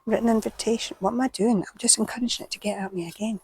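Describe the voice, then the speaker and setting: A woman with a British accent hosting a gardening vlog outdoors at an allotment, talking to camera and often dropping to a hushed whisper. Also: fairly high pitch, fairly even intonation, racing, a little hiss or hum. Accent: British English. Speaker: gardening channel host. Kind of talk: casual vlog talk to camera. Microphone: small clip-on microphone.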